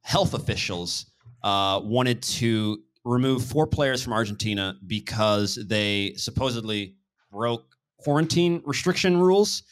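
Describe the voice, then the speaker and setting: A man's voice: mid-range voice, expressive, a little slow, clean tone. An American man hosting a casual podcast chat, joking and laughing easily. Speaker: podcast host.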